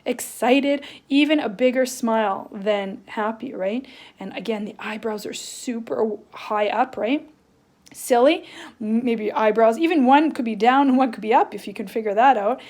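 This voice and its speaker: A woman teacher giving a playful, animated lesson to young children, checking in with "right?" as she draws. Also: a little high, normal speed. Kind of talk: children's lesson, drawing along.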